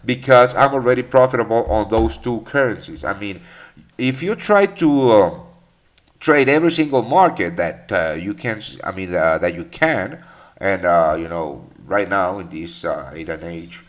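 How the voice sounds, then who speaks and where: A man hosts a live trading session, walking viewers through his charts. His deep voice rises and falls a lot as he rambles, restarts sentences and drops fillers. He speaks casually and calls viewers mate. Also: animated, moderate pace. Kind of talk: live market commentary and Q&A.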